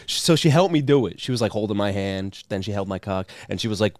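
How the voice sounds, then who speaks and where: A man's voice: fairly low pitch, expressive, a little mellow, no echo, clean studio sound. A man in a casual podcast chat, telling a crude story and acting out the other people's lines. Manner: acts out dialogue in quick voices. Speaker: podcast host.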